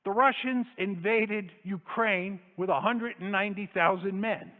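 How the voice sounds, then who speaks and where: A man's voice: high voice, a little slow. Emphatic man lecturing in an echoey hall. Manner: emphatic and argumentative, hammering points through repetition. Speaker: lecturer addressing an audience. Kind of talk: public lecture. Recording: echoey hall over a tinny phone-like line.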